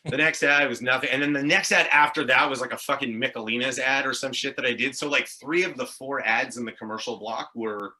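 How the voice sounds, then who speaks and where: Bright-voiced rambling Montreal man. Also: mid-range voice, fairly even intonation, a little fast, few pauses. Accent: English Canadian (Montreal Anglophone). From Montreal, Quebec. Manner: rambling, tangential storytelling with frequent swearing. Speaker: guest, actor and improviser. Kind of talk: casual podcast chat.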